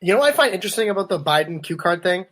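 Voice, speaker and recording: A podcast co-host with a high-pitched, lively voice races along, sounding a bit bright. Chatting casually about politics over a webcam, he riffs sarcastically and puts on voices for quotes.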